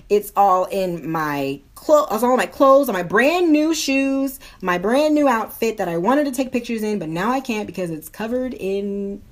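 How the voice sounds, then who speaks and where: Animated woman telling a storytime. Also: medium pitch, normal speed, hardly any pauses. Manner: animated, acts out quoted voices. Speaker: beauty vlogger. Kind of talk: casual storytime while doing makeup.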